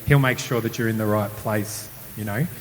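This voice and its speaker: A man telling a personal testimony in a casual, animated storytelling way, acting out quoted voices. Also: lowish voice, normal speed. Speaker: testimony speaker. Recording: roomy hall with faint hiss.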